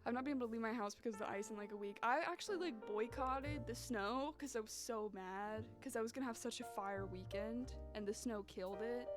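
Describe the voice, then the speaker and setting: A young woman from North Carolina, chatting casually with her live-stream viewers in a sassy, animated way. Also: on the high side, a little fast, few pauses. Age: young adult. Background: music.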